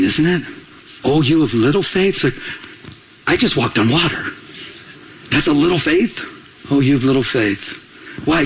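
A man's voice: medium pitch, fairly bright tone, husky, low-quality recording. A man preaching as a pastor, emphatic, repeating key phrases and asking the congregation questions. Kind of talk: sermon.

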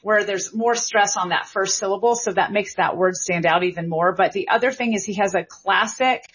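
A woman's voice: medium pitch, husky. A woman, a linguistics professor, answering questions in a radio interview with an enthusiastic, explanatory manner. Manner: enthusiastic, explanatory, quick bursts when excited. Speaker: linguistics professor and author, guest. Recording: slightly muffled broadcast audio.

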